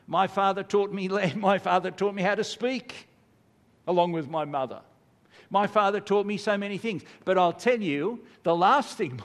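An older man preaching a sermon, earnest and building to emphatic rhetorical questions. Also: sits high. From Australia. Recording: long hall reverb.

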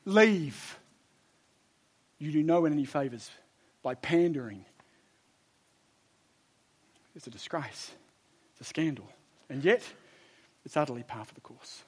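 A man preaching a sermon to a congregation, emphatic, moving between loud exhortation, quiet intensity and chatty storytelling asides. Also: a little high, animated, moderate pace, long pauses, breathy edge.

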